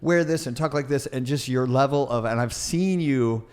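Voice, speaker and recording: A man hosts a podcast interview in an average-pitched voice. He talks loosely and encouragingly, full of fillers, affirming his guest as she talks. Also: normal speed, darkish tone, smooth. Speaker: podcast host. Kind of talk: casual interview chat.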